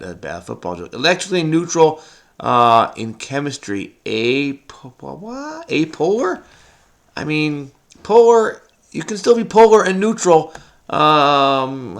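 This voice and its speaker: A man's voice: mid-range voice, fairly bright tone. A man thinking aloud as he solves a crossword, frenetic and muttering to himself, often breaking into bits of song. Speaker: crossword solving video host. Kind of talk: thinking aloud while solving, casual.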